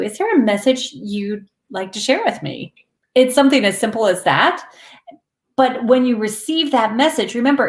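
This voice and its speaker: A woman's voice: mid-range voice, echoey room. A woman hosting a spiritual live stream, chatting with viewers in an earnest, rambling way and laughing often.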